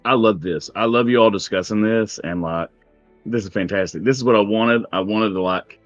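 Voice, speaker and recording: A man's voice: lowish voice, moderate pace, no echo, faint music behind. Laid-back male game master, mid voice, lo-fi dry recording. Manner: relaxed, rambling. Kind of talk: casual tabletop game chat.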